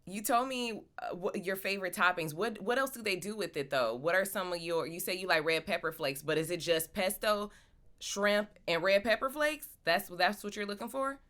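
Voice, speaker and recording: A woman's voice: mid-range voice, normal speed, fairly bright tone. A woman hosting a casual podcast chat, asking playful questions and laughing a lot. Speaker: podcast host.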